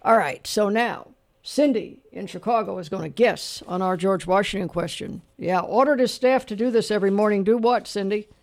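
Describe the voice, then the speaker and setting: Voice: medium pitch, normal speed, a little mellow. A radio talk show host running a call-in trivia quiz, chatty, chuckling and full of fillers. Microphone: studio microphone.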